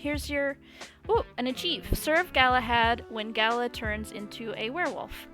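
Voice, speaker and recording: A woman streamer giving excitable let's play commentary, exclaiming often and laughing as she plays. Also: fairly high pitch, normal speed. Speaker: gaming streamer. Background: loud game music.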